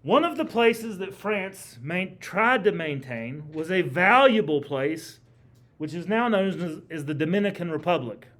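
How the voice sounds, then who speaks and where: A man's voice: high voice, expressive, a little slow, fairly bright tone. A man teaching a history class in a classroom, talking casually and quizzing his students with questions. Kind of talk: classroom lecture.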